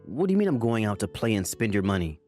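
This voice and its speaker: A man's voice: lowish voice, big pitch swings, quick pace, a little mellow, soft background music. Man playing a defensive, evasive husband. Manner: defensive, placating. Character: defensive, evasive husband trying to please his mother.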